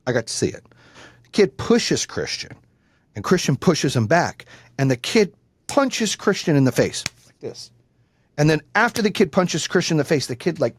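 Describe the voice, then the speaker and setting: Profane, animated male podcast host. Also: fairly high pitch, husky, no echo. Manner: profane, animated, acts out quoted voices. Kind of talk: casual chat and storytelling. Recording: loud background noise.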